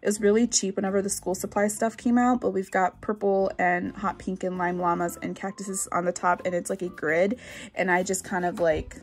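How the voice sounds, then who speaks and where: A woman's voice: medium pitch, steady tone, normal speed. Bubbly young woman chatting casually. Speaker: vlogger. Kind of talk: casual show-and-tell vlog. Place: her bedroom.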